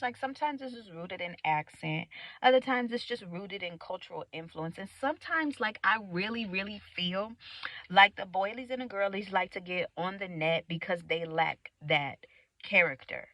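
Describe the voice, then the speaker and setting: A woman's voice: a little high, a bit bright, no room sound, rough recording. A woman from the United States vlogging in a casual, rambling, profane rant. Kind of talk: casual ranting monologue.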